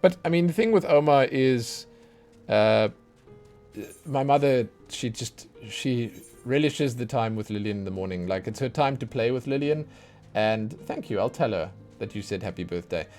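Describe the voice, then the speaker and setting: A man's voice: medium pitch, expressive, normal speed, darkish tone. Tired, rambling male streamer. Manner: rambling, chatty, self-mocking. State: tired from lack of sleep. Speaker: let's play streamer. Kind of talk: casual chat while gaming. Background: faint game music.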